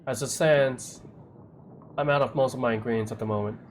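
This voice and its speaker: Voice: mid-range voice, steady tone, a little fast, a little hiss or hum, voice pushed down, close to an everyday voice. A game streamer voicing a humble market sorcerer, reading game dialogue in an earnest, pleading way.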